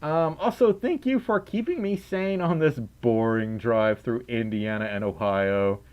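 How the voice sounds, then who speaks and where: Lively, giggly young male streamer. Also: medium pitch, measured pace, dull audio. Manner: rambling, giggly, easily distracted. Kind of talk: casual livestream chat, reading donations.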